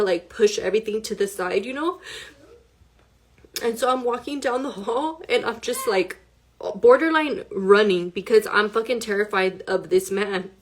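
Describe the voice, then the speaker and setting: A young woman telling her own story to the camera, rushed and emotional, swearing and filling with "like". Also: mid-range voice. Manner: rushed, profane, full of "like". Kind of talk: emotional personal account to camera.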